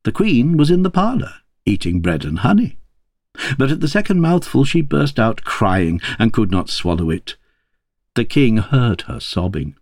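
A man reading a fairy tale aloud as narrator with expressive, playful delivery. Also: mid-range voice, moderate pace, no echo, clean studio sound. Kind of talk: storybook read-aloud.

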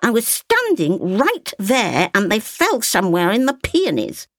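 A woman's voice: mid-range voice, huge pitch swings, unhurried, fairly bright tone, dry recording, studio quality, voice pushed up, full character voice. A woman playing a curt, sly old grandmother.

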